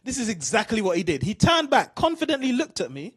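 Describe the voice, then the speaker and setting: High-voiced bright British comic. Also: male voice, fast, breathy edge. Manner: animated storytelling, asks the crowd. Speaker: stand-up comedian. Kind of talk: stand-up routine.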